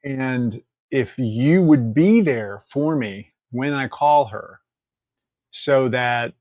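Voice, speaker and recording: A man, a podcast guest, telling a story in casual conversation, candid and joking, quoting people in lively asides and swearing freely. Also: medium pitch, dry recording, studio quality.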